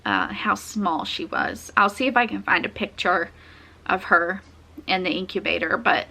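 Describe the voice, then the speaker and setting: Here the same kind of vlogger recounts giving birth, speaking at a normal pace in a fairly low, bright voice with vocal fry and a forceful edge. She's young and talkative, laughing often and leaning heavily on filler words.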